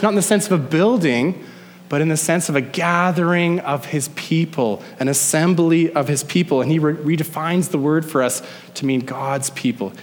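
Young pastor, man, conversational sermon, drawn-out emphasis, echoing hall sound. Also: on the high side, a little hiss or hum. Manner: conversational preaching, stretches key words slowly. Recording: long hall reverb.

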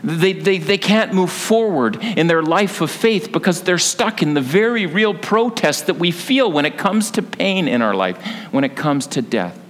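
A man's voice: sits high, lively intonation, moderate pace, few pauses, fairly bright tone. Earnest preaching man in a reverberant hall. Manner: earnest, rising to passionate emphasis. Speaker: pastor. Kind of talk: sermon.

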